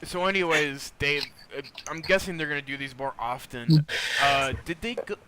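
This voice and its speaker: A man's voice: fairly high pitch, moderate pace, bright, forceful tone, poor audio. A young man hosting a podcast, rambling loosely through news in a casual, joking chat. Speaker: podcast host.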